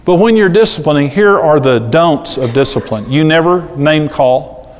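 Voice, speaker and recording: A man's voice: a little high, animated, moderate pace. A man preaching a sermon, telling stories and acting out the people in them. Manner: storytelling, acting out quoted people. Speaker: pastor. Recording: long reverb of a large hall.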